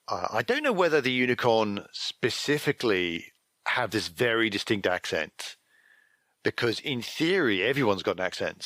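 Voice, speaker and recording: A man's voice: on the low side, bright, forceful tone, no echo. A man co-hosting a podcast, musing wryly about game fiction and acting out characters' lines for fun. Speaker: podcast co-host.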